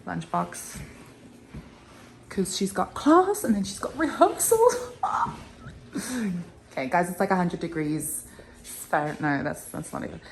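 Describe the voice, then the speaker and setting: A woman in her twenties from South Africa, rambling excitedly in a casual vlog. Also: sits low. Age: 20s. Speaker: vlogger. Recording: noisy background.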